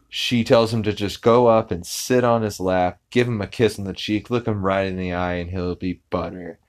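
A man hosting a podcast, casually recapping an episode in a rambling way full of fillers and restarts. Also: low voice. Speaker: podcast host.

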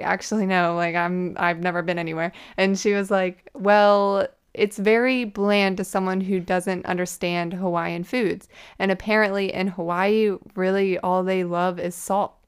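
A woman's voice: medium pitch, steady tone, normal speed, few pauses, clear, resonant tone. A woman co-hosting a podcast, telling chatty anecdotes in casual talk. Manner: chatty anecdotes, laughs softly. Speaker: podcast co-host. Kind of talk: casual storytelling chat.

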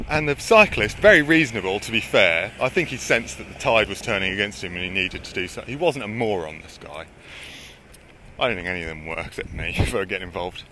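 A man's voice: fairly low pitch, very animated, moderate pace, sharp tone, slight background noise. Rambling, sweary man telling stories. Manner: rambling, sweary, laughs often. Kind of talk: casual storytelling chat.

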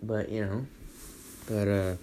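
A man's voice: lowish voice, level tone, slow, dark tone. A man hosting a solo podcast, talking bluntly and profanely in a rambling monologue full of fillers. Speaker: podcast host. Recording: faint background noise.

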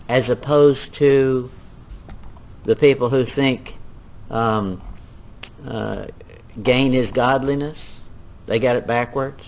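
In a Bible teaching sermon, a man with a mid-range voice preaches verse by verse, reading scripture slowly and dramatically before explaining it with folksy, chuckling asides. The audio is thin and tinny, like a phone line.

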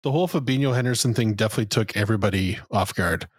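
A man's voice: lowish voice, very fast, breathy edge, dry recording, clean studio sound. A man co-hosting a casual football podcast, laid-back and rambling, swearing now and then. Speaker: podcast co-host.

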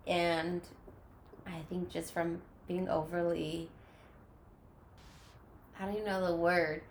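A woman in casual chat, telling stories in a chatty, animated way. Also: lowish voice, slow pace. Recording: echoey room, faint noise.

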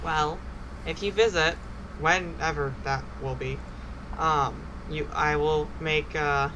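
A woman in casual chat, giggling often and telling stories quickly. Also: deep voice, fairly even intonation, background noise.

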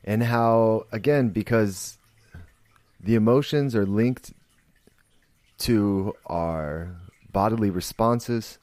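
Male podcast host, deep dark voice, unhurried, swears freely, rambles and restarts. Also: dry recording. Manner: blunt, profane, rambling with restarts. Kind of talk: casual monologue.

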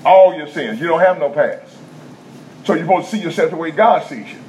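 A man's voice: a little high, expressive, fairly quick, darkish tone, a little hiss or hum. A male preacher, preaching a folksy, repetitive sermon in a prison chapel that builds to emphatic bursts. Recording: dull lo-fi recording, faint room ambience.

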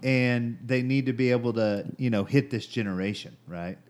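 A man's voice: mid-range voice, moderate pace, darkish tone. A man in his forties co-hosting a podcast, chatting casually and trailing off in loose, rambling sentences. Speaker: podcast co-host. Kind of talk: casual chat.

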